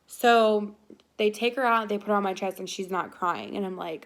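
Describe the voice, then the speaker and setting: A woman's voice: mid-range voice, normal speed, gravelly. A young woman vlogging, telling a personal story in a chatty, casual way with lots of fillers. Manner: chatty, filler-heavy, animated retelling.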